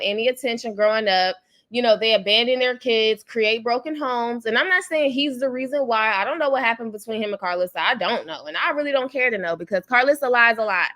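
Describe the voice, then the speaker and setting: A woman's voice: fairly high pitch, pushed and bright. A woman hosting her channel's livestream, chatting casually about celebrity gossip, rambling and greeting viewers in the chat. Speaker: YouTube channel host.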